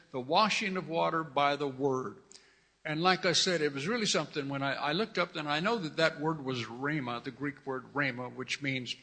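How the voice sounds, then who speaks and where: A man's voice: on the high side, pushed and bright, breathy edge. A middle-aged man preaching a fervent sermon as pastor, repeating his phrases and calling out hallelujahs. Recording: long reverb of a large hall.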